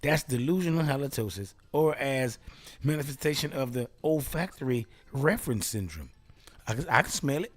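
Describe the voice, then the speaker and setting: A male show host talking in a loose, self-amused way, with a lively pitch that jumps around. He tends to joke and laugh at his own lines while explaining things. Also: normal speed. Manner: playful, self-amused riffing. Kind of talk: casual solo talk show.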